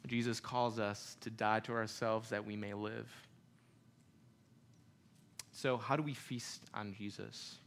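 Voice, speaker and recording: A man's voice: on the low side, steady tone, slow pace, pauses often, a bit bright, slight background noise. Young man, pastor, casual sermon, chatty asides, humorous. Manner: conversational preaching with humor and asides.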